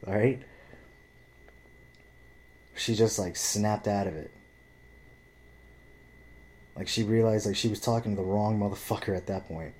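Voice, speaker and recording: A man's voice: lowish voice, a little slow, pauses often, darkish tone. A young man telling a story in a blunt, profane, heated rant; he grew up speaking Spanish. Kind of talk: casual ranting storytelling.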